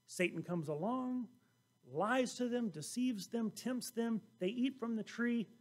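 A high-pitched male pastor delivering a sermon in a lively, storytelling manner. He retells scripture scenes and briefly slips into the voices of the people in them before coming back to his point. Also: measured pace. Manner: animated storytelling, acting out quoted voices.

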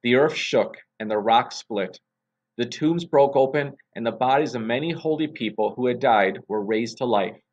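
A man, a pastor, reading scripture aloud and opening a devotion in a measured, deliberate way. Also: mid-range voice, a little mellow, highs cut off.

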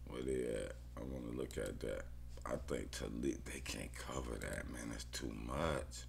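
A man's voice: extremely low pitch, measured pace, vocal fry, a little mellow, slight background noise. A man thinking aloud about his football bets in casual slang, often muttering to himself. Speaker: sports bettor.

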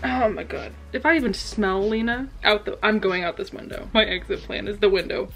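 A young woman book vlogger reacting while she reads, excitable and dramatic, with frequent laughter and gushing asides. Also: mid-range voice, brisk. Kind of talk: casual reading reaction vlog.

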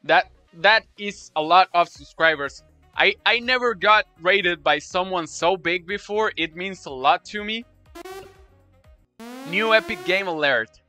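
A man streaming a game live, talking to his chat in an excitable way, repeating himself and gushing thanks. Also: high-pitched, unhurried, faint music behind. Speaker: Roblox streamer.

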